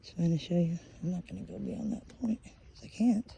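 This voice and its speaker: A woman talks casually to her viewers while walking in the woods with a phone. Her voice is low, mellow and a little gravelly, and she drops often into a soft whisper. Faint outdoor noise sits behind her. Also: fairly quick. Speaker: vlogger. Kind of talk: casual vlog narration. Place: outdoors in a forest. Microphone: handheld phone.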